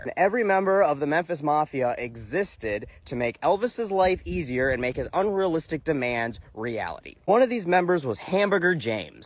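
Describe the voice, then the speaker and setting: A man telling a comedic story with irreverent, profane jokes and asides. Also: mid-range voice.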